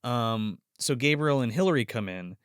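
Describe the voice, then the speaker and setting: A man co-hosting a casual podcast, excitedly recapping a horror movie with lots of swearing and acted-out quotes. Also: medium pitch, normal speed, smooth, no echo, studio quality. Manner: excitable, profane, acts out quoted lines. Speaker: podcast co-host.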